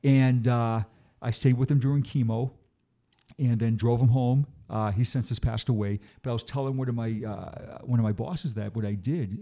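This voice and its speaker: A man's voice: medium pitch, steady tone, moderate pace, dark tone. A middle-aged man, a retired police officer, telling stories in a casual chat, often stammering and repeating words. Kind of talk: casual storytelling.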